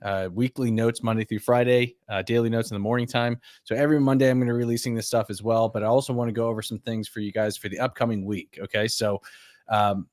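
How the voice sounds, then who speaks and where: A man's voice: medium pitch, little pitch movement, fast talker, a little mellow, no room sound, clean studio sound. A man co-hosting a live fantasy baseball stream, upbeat and reading viewer comments aloud. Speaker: podcast co-host.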